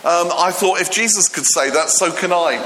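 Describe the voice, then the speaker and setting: In an echoey church hall with long reverb, a man preaches a funny, chatty sermon, joking with the congregation and using many fillers. His voice sits high, bright and forceful, at a moderate pace, with slight background noise.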